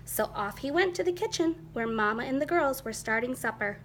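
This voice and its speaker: Woman reading a kids picture book out loud, high voice, lively, faint hiss. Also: brisk. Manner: lively, expressive, rhythmic. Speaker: storyteller. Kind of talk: children's picture book read-aloud.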